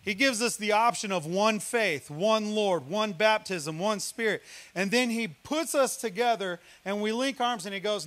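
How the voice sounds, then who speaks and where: A man from Missouri, a guest preacher, delivering a lively sermon with a loud, yelling style and playful teasing of the congregation. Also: high voice, a little slow.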